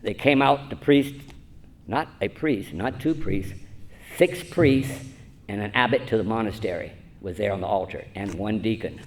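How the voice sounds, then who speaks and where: A man's voice: on the low side, moderate pace, a little hiss or hum. A man in his seventies giving a rambling, self-mocking personal talk at a church conference, chuckling often. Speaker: conference speaker.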